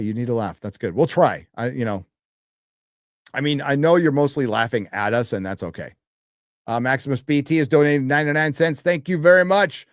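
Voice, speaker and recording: On a casual live stream, an American man reads donations and viewer messages aloud, offhand and crude, with a lot of fillers. His voice is on the high side, and the studio-quality recording has no room sound.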